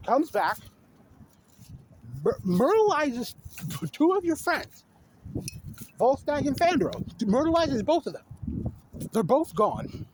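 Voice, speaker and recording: A man's voice: sits high, darkish tone, a little hiss or hum, low-quality recording. A man giving a casual, rambling film rant to a phone camera, exasperated and full of restarts and fillers. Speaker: video essayist.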